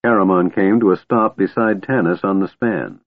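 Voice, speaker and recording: A man reading a fantasy audiobook in a steady, measured storytelling manner. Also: deep voice, dry recording. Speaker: audiobook narrator. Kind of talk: scripted fantasy narration. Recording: tinny phone-like, dry.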